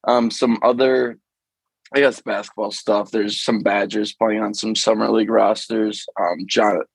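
A low, gravelly-voiced man, talking sports on a podcast. His voice is husky, and he rambles along casually with plenty of fillers. The sound is close and dry. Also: steady tone, measured pace, no echo, poor audio. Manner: easygoing, rambling, many fillers. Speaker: podcast co-host.

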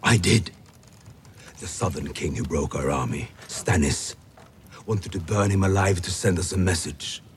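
An actor playing a blunt, gruff veteran wildling warrior in a drama clip, speaking in a deep, commanding voice. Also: male voice, unhurried, slight background noise. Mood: persuading.

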